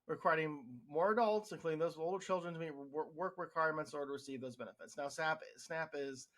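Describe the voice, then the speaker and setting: A man's voice: fairly high pitch, fast, fairly bright tone. A man who works in healthcare, giving a frustrated, sarcastic opinion monologue with frequent restarts. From United States. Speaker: healthcare worker podcast host.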